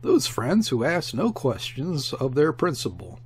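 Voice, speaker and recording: Lively narrator with a husky, gravelly voice. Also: male voice, medium pitch, a little slow. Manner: expressive, shifts tone for quoted speech. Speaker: audiobook reader. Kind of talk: scripted narration.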